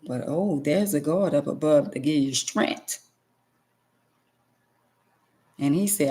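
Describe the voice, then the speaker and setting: Woman, middle-aged, gravelly fry, emphatic preachy testimony, vlog to viewers. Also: deep voice, measured pace, pauses often, warm tone. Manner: emphatic, preachy, repeats phrases for stress. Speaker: vlogger. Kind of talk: emotional personal testimony to viewers.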